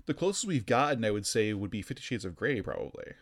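Low-voiced man hosting a loose podcast. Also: very animated, quick pace. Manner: loose, rambling, peppered with "like". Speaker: podcast host. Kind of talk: casual podcast chat.

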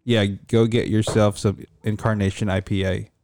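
A man's voice: lowish voice, little pitch movement, moderate pace, a little mellow, no room sound, clean studio sound. A man hosting a casual podcast chat, often repeating and restarting words. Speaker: podcast host.

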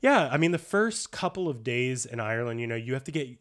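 A man co-hosting a podcast, telling stories in an enthusiastic, animated casual chat. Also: medium pitch, quick pace. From United States. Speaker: podcast co-host.

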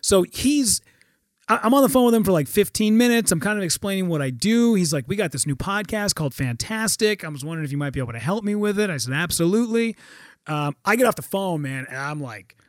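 Male storyteller, high and very lively pitch, casual and profane, dry close recording. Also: fast, dry recording. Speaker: guest.

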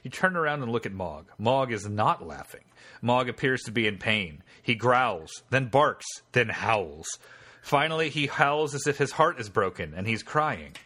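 A man's voice: mid-range voice, big pitch swings, normal speed, bright, forceful tone. A man hosting a podcast, reading out text-adventure game narration and chatting with jokes between passages. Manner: reads game text aloud, then chats and jokes.

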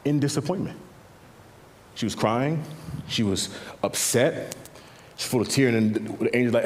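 A man preaching a sermon as pastor, swinging between quiet intimate passages and louder emphatic lines, often repeating words as he builds a point. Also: on the high side, brisk, long pauses. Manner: animated preaching, drops to quiet intimate tones and rises for emphasis. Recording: long reverb of a large hall.

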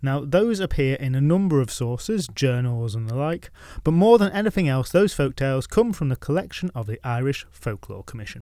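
A man narrating folklore stories from a script, with wry, deadpan asides. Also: medium pitch, normal speed, hardly any pauses, no room sound, studio quality. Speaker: storytelling podcast host.

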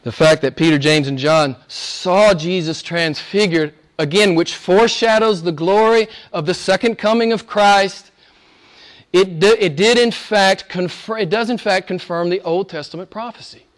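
A man's voice: high voice, normal speed. A middle-aged man preaching a sermon, rising and falling emphatically as he exhorts his listeners.

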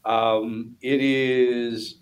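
An older actor appearing as a podcast guest, talking in a relaxed, conversational way. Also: male voice, medium pitch, extremely slow. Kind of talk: casual interview.

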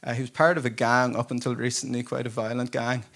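This pastor's voice is medium in pitch, fairly bright and level in tone, moving at a quick pace. He preaches a conversational sermon at a church service, spinning casual stories, joking about himself and laughing often.

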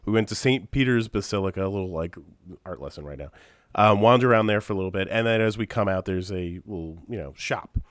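A man with a stuffy, congested voice, telling animated stories in a casual podcast chat and swearing casually. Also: on the low side, quick pace, no echo, studio quality. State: congested from a sinus infection. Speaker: podcast regular.

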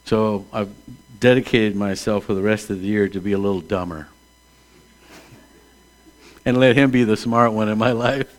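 A man's voice: on the low side, normal speed, pauses often. Pastor in his sixties preaching conversationally. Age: 60s. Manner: conversational storytelling, swings from hushed to emphatic. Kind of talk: sermon.

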